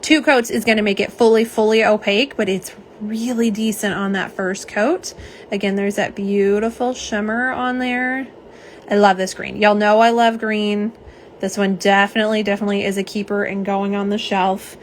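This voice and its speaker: A woman's voice: medium pitch, steady tone, moderate pace, slight background noise. A young woman hosting a casual live stream, chatting and reading viewer comments aloud. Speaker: livestream host. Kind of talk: live unboxing and swatch stream.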